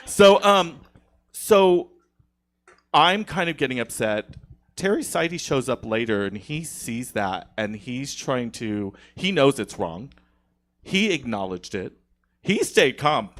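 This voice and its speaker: A man's voice: mid-range voice, lively intonation, takes it slowly, fairly bright tone. A man as a guest on a podcast, telling a long, indignant story in casual studio chat, with many restarts.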